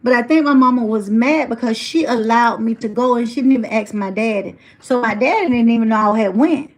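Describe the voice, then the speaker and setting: A motivational speaker tells a story from her own life. She has a fairly high, lively voice and slips into the voices of the people in the story. Now and then she turns aside to speak to someone in the audience. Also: a little fast. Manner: animated storyteller acting out family quotes, addresses audience members. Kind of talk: personal storytelling speech.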